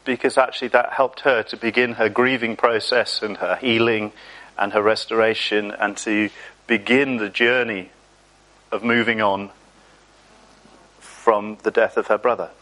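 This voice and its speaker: A man preaching a sermon, telling a personal story in a chatty, self-mocking way and slowing down on key words. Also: on the low side, fairly even intonation, sharp tone, rough recording.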